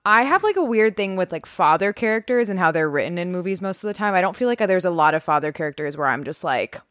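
A woman's voice: lowish voice, lively intonation, no echo, clean studio sound. Earnest young woman co-host. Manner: earnest, thoughtful, a bit halting. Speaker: podcast co-host. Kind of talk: casual chat.

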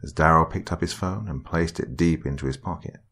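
A man reading a horror story as narrator in a slow, dramatic storytelling manner. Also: very deep voice, a bit bright, husky, soft background music.

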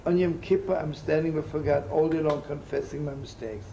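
A man preaches like a rabbi, with a folksy, joking storyteller's manner and Yiddish words mixed into his talk. His voice is gravelly and sits a little high. The recording carries a clear layer of background noise. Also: steady tone, brisk, dark tone. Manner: folksy, jokey, sprinkles Yiddish and Hebrew words. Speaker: rabbi teaching. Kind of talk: storytelling sermon. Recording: noisy old recording.

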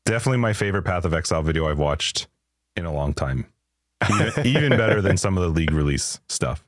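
A man's voice: deep voice, lively intonation, quick pace, no room sound, clean studio sound. A man co-hosting a casual gaming podcast, bantering with enthusiasm and an easy, giggly playfulness. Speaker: podcast co-host.

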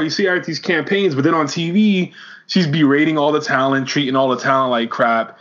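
A man with a fairly high voice rants in exasperation on a casual wrestling podcast. His delivery is heated and his sentences often stumble. The audio is dull and lo-fi. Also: brisk, a bit bright. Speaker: podcast co-host.

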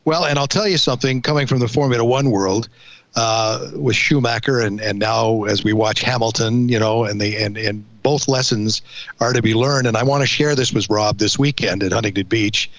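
A man's voice: mid-range voice, moderate pace, fairly bright tone, dry recording. A man co-hosting a casual chat show, joking and rambling with restarts. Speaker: air show podcast co-host. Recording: dry close mic.

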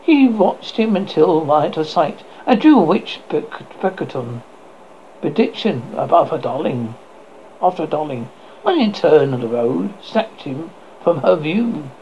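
A male horror host reads a classic tale aloud, often tripping over words and going back to fix them. His voice is gravelly with a lively, rising and falling pitch, and the recording is dull and lo-fi with a faint hiss behind it. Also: measured pace. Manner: stumbling, self-correcting reading. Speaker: horror host reading a story. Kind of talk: story reading.

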